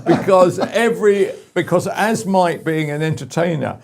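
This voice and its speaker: A man's voice: high voice, moderate pace, creaky, hardly any pauses, slight background noise. A man chatting on a talk show, wry and chuckling as he adds his side of a story. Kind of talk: casual chat.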